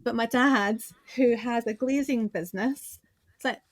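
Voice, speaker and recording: A Scottish woman in her forties, a business owner and designer, appears as a podcast guest in a casual interview chat, telling stories chattily with many restarts. Her voice is a little high and unhurried, with no echo.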